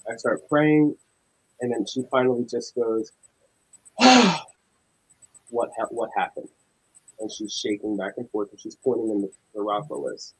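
Young male paranormal investigator, husky voice, animated storyteller. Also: fairly low pitch, normal speed, low-quality recording. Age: young adult. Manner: animated, acts out dialogue in tense retelling. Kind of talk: casual storytelling.

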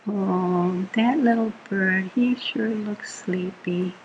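A woman reading a bedtime picture book aloud to children, gentle and soothing, asking the listener little questions as she goes. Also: on the low side, steady tone, slow pace, few pauses, slight background noise, low-quality recording. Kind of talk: read-aloud storytime.

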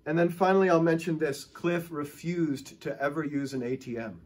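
A man's voice: fairly high pitch, steady tone, moderate pace, darkish tone. A male pastor preaching a sermon, telling stories with emphatic, rising and falling delivery.

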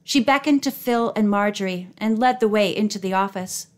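A woman reading a children's mystery novel aloud in a clear, even storytelling manner. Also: medium pitch, moderate pace. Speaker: audiobook narrator. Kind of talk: audiobook narration.

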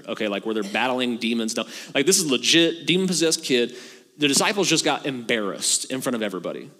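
Lively, high-voiced male preacher. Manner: animated storytelling with acted-out dialogue; casual, joking. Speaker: pastor. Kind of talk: sermon. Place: church sanctuary. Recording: long hall reverb from a church.

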